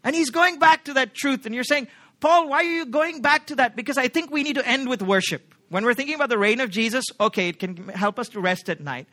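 A man's voice: very high-pitched, animated, fast, few pauses, pushed and bright. A man preaching a sermon as pastor, emphatic, often asking the congregation questions like "right?".

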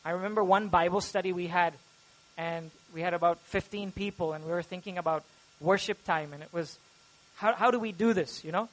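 Speaking a little fast over poor audio, a pastor with a strikingly high voice preaches a sermon in earnest. When he prays aloud, he becomes loud and animated.

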